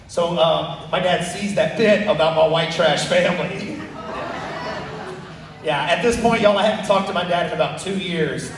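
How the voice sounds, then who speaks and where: A man performing a fast, animated stand-up comedy set on a club stage, with loud punchlines. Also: high-pitched, slight background noise. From Texas. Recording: echoey club from far off. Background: audience laughter.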